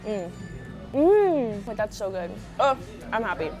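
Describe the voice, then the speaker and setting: A woman's voice: mid-range voice, very animated, a little slow, loud music behind the voice. A young woman chatting casually in a vlog, bubbly and giggly, full of "like" fillers. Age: young adult. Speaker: vlogger, college dance team member.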